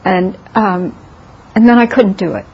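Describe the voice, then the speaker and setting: Gravelly woman telling a story casually. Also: mid-range voice, a little slow, a little mellow, slight background noise. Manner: hesitant, with many ums and restarts. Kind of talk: casual dharma talk. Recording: lo-fi recording.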